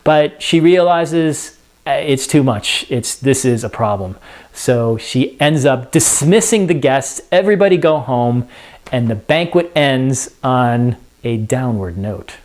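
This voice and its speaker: A man casually retelling and explaining a story as a lesson, conversational and animated with filler words. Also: mid-range voice, slow. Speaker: teacher.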